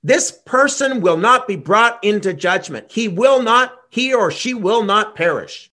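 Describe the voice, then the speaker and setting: A man's voice: sits high, expressive, unhurried, sharp tone. A man preaching a gospel sermon, earnest and emphatic, repeating key phrases for weight.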